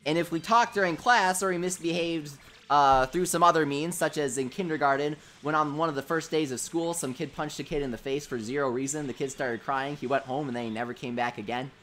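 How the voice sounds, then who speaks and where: A young man hosting a casual gaming livestream. He tells childhood stories in an animated way, says "dude" a lot and laughs at his own jokes. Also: on the high side, fairly quick, slight background noise. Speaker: livestream host.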